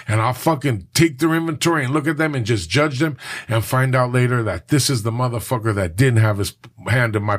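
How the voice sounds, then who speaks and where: Profane, rambling middle-aged man. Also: mid-range voice. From Southern California. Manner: profane, emphatic, rambling street talk. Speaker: podcast guest. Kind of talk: candid personal conversation.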